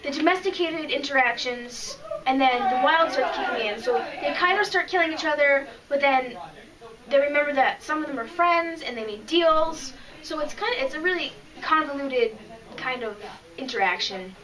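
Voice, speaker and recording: A woman's voice: high voice, lively intonation, normal speed, fairly bright tone, far from the mic, poor audio. A woman co-hosting a podcast, chatting casually and emotionally about comics she has read, often restarting her sentences. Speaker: podcast co-host. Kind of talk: casual chat reviewing comics.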